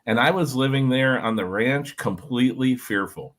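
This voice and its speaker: A former reality show contestant, a man, telling an animated story to a group, talking with lots of fillers and "like". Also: medium pitch, moderate pace. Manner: energetic, filler-heavy, lots of "like".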